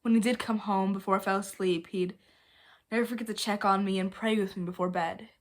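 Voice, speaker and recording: A woman reading the words of a young Southern preacher's daughter, in a soft, wistful way. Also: medium pitch, fairly even intonation, fairly quick, lightly acted.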